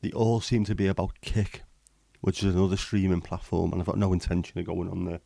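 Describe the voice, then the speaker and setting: A man's voice: low voice, fairly even intonation, a little fast, gravelly, mellow, no echo, studio quality. A man hosting a livestream, rambling and joking as he chats to viewers. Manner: rambling, jokey, chatting to viewers. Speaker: livestream host. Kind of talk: casual livestream chat.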